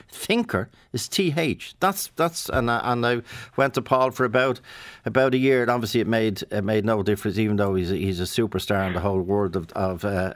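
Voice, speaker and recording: An Irish man hosting a phone-in radio show, chatty and quick with his questions, often restarting mid-sentence. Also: on the low side, a bit bright, no room sound, studio quality. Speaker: radio host. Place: radio studio. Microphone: studio microphone.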